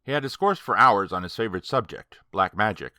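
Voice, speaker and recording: A man voicing a grave, hesitant male friend in an audiobook, speaking in a measured way. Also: lowish voice, lively intonation, bright, forceful tone, clean tone, no echo, clean studio sound. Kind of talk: audiobook character reading.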